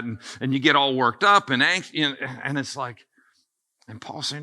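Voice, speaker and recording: A middle-aged man preaching a sermon as pastor, in a conversational, animated way that speaks straight to the congregation. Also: medium pitch, normal speed. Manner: conversational, animated, addresses listeners as guys.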